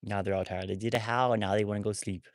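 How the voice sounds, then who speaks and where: A quick, rambling man, chatting to his livestream viewers and often restarting and repeating himself. His voice sits fairly low, and the phone recording is dry and close. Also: steady tone, dry recording. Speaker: wolfdog rescue livestreamer. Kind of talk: casual livestream chat.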